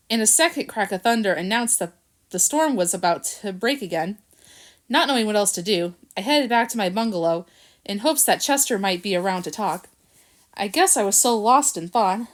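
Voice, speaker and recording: A woman narrating a children's storybook in an expressive manner. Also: medium pitch. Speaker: reader.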